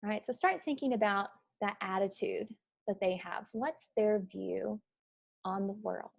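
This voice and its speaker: A woman's voice: medium pitch, measured pace, creaky, muffled recording. Casual female improv instructor. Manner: casual, with many fillers. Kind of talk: online class teaching. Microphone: video call.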